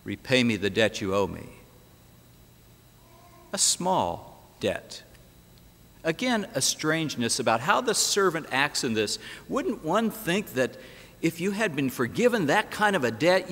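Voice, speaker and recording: Male pastor, sermon, dramatic storytelling, rhetorical questions, lively pitch, echoey church hall. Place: church sanctuary.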